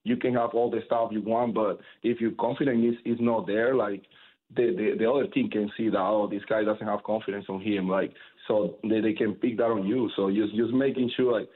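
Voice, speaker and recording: A man, a baseball pitcher whose first language is Spanish, talking in a casual interview with energetic, rambling speech full of fillers and restarts. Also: fairly quick. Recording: tinny phone-like line.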